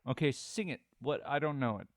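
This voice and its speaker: A man's voice: medium pitch, animated, brisk, dry recording, clean studio sound. A man from the United States hosting a podcast, bantering in a playful, self-mocking way. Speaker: podcast host. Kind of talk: casual podcast chat.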